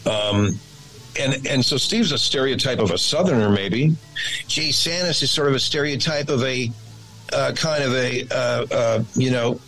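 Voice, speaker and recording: A radio and voice actor in a casual interview, talking in a rambling, animated way. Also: male voice, mid-range voice, unhurried, faint music behind, poor audio.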